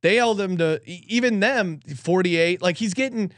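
High voiced podcast guy, dry close sound, quick jokey sports talk. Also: no echo. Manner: quick, laughing banter. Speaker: podcast co-host. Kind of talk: casual sports betting podcast chat.

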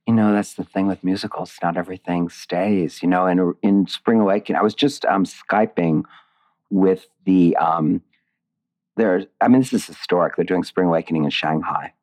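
A man's voice: sits low, moderate pace, a little mellow. A man being interviewed about his writing, talking in a reflective, digressive way with many restarts. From Indiana, USA. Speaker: playwright and author being interviewed. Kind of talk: casual interview conversation.

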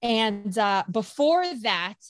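A middle-aged woman co-hosting a podcast in casual chat, telling an animated story, acting out quoted voices and swearing freely. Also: medium pitch, slow, dry recording. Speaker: podcast co-host.

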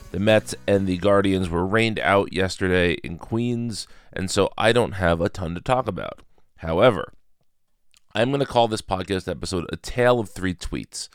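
Deep-voiced man hosting a rambling podcast. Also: smooth, no room sound, studio quality. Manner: rambling, self-correcting, chuckling at himself. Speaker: podcast host. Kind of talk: casual solo podcast monologue.

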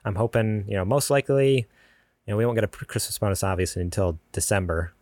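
A man's voice: lowish voice, fast talker, darkish tone, dry recording, studio quality. A man co-hosting a podcast from his garage, talking in a loose, joking way full of fillers. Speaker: podcast co-host. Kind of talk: casual podcast chat. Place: home garage with the door open.

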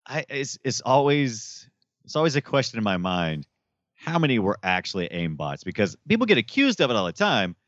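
A man co-hosting a gaming podcast, chatting in an animated way, laughing easily and stumbling over restarts. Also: medium pitch, moderate pace, no room sound, lo-fi sound. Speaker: podcast co-host. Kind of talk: casual chat.

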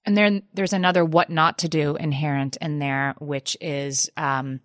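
A woman co-hosting a chat show, calmly summing up expert advice. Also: sits low, no room sound, clean studio sound. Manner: measured, sums up expert advice. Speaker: podcast co-host. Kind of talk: casual chat.

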